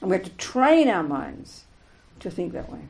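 A woman giving a spiritual talk to a group, emphatic and animated, acting out little everyday scenes as she explains. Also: fairly low pitch, moderate pace, vocal fry, rough recording. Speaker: Buddhist teacher.

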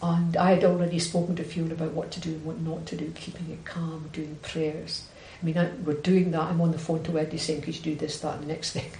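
A Scottish woman speaks with a gravelly, creaky edge and a direct, lively way of acting out what others said. Her voice carries in an echoey room with a faint hiss under it. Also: deep voice, quick pace, few pauses. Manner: direct, animated storyteller who acts out quoted dialogue. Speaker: Buddhist nun. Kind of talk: recounting a personal story in conversation.

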